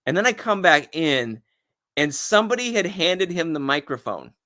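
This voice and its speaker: A man with a slightly high voice tells a rambling backstage anecdote as a guest comedian. He is animated and slips into the voices of the people he quotes. The talk is loose and chatty. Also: moderate pace. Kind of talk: casual storytelling.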